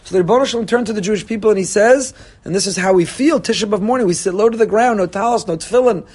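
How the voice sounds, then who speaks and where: High-voiced rabbi preaching animatedly. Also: male voice, very fast, slightly rough. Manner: animated preaching, voicing God and congregants. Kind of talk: sermon.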